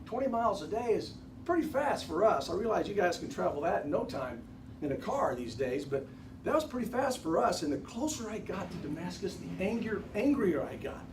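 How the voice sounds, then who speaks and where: For a church class, a man plays a biblical figure, a candid former persecutor from ancient times who has repented, delivering an earnest first-person monologue. His voice is high for a man, brisk, with big pitch swings, and he speaks conversationally to the audience with folksy asides. He's recorded from afar in a roomy church classroom with clear background noise.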